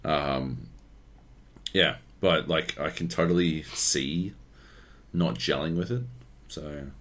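Very deep-voiced podcast co-host. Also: male voice, slow, fairly bright tone. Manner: laid-back, short replies and asides. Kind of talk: casual chat.

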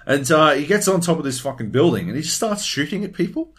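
A man talking on a casual gaming podcast, his pitch swinging widely as he tells stories. He swears freely and slips into quoted voices as he goes. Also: very animated, fast, husky. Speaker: podcast co-host.

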